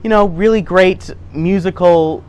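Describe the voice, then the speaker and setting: A man with a notably high voice spins crude, indignant anecdotes. He rambles through his story in an improvised mockumentary-style interview. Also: a little slow, a little mellow, dull audio, a little hiss or hum. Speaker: comedy troupe performer.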